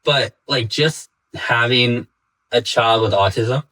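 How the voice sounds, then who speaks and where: A man's voice: medium pitch, slow pace, bright, forceful tone, rough recording. A man talks in a loose, conversational way, stacking his stories with fillers and restarts. His voice sits in a middle range. It is an unscripted podcast chat. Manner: rambling storyteller, heavy use of "like". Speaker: podcast guest, father. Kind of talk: casual chat.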